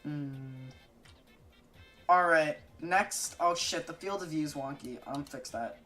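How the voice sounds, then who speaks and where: A woman giving casual gaming commentary, excitable, jokey and swearing a lot. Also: deep voice, slow, faint music behind. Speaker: gaming video creator.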